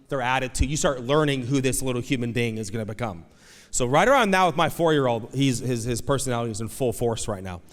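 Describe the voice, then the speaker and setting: A male pastor preaching a sermon with animated storytelling, acting out voices and swinging between soft asides and loud shouts. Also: medium pitch, in a large hall. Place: church auditorium.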